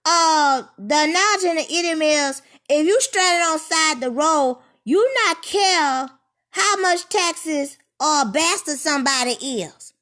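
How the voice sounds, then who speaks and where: A woman ranting in a rambling, profane monologue, sliding from low grumbling into loud heated outbursts. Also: a little slow. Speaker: vlogger.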